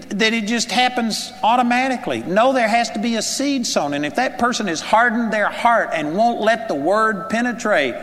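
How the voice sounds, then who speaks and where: Heard through long hall reverb, a man with a high-pitched, fairly bright voice delivers a sermon. He speaks earnestly and conversationally, asking the congregation rhetorical questions.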